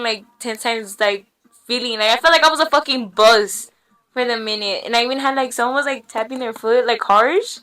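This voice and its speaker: On a casual podcast, a young female guest spins animated, slangy stories peppered with swearing and laughter. She has a bright, somewhat high voice and talks into a podcast mic in a small room.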